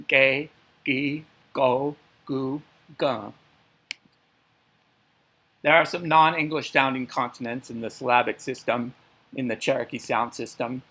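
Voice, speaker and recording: Guy teaching a language class, slow and careful, kinda gravelly, sounds out each syllable. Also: mid-range voice, sharp tone, rough recording. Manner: slow, methodical, pronouncing syllables aloud. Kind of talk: instructional lecture.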